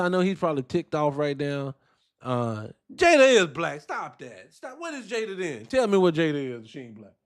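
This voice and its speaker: Animated, high-voiced podcast host, man. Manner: animated, blunt, profane, talks back to chat. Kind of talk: casual opinion commentary.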